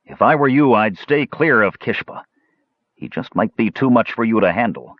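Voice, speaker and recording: A man's voice: fairly low pitch, animated, moderate pace, dry recording, dull audio. A man doing a bold half-elf warrior. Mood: firm. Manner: shouting, forceful.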